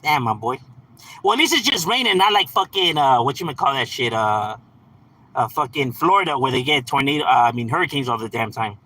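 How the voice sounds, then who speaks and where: A man's voice: mid-range voice, animated, fairly quick, sharp tone, poor audio. A man hosting a livestream, reading out chat messages and answering in a laid-back, slangy, profane way with frequent laughs. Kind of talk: casual live chat.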